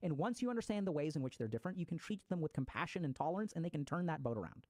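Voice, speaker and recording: Fast-talking man explaining psychology. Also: a little high, animated, darkish tone, dry recording. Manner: quick, conversational, swears casually, uses gaming slang. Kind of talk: casual lecture to an online audience.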